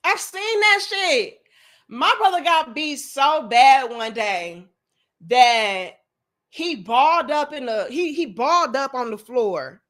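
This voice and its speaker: High-pitched, animated and a bit bright yet slow, the thirty-something commentary host shares personal stories with her live chat. She's blunt, emphatic and swears freely.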